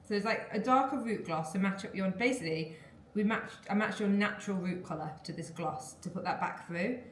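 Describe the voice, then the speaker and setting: A friendly woman hairdresser explains what she did in an easy, relaxed way. Her voice rings a little in an echoey salon room, with faint noise behind. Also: mid-range voice, brisk. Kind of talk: casual chat.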